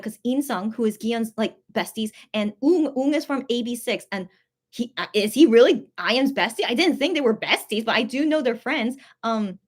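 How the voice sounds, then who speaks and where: A young woman chatting casually on a livestream, her voice sitting a little higher than most. She reacts to viewer comments with sudden loud bursts and then drops to soft, quick mutters. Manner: excitable, swings between loud outbursts and soft mutters. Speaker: livestream host reading viewer chat. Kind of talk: casual live-stream chat.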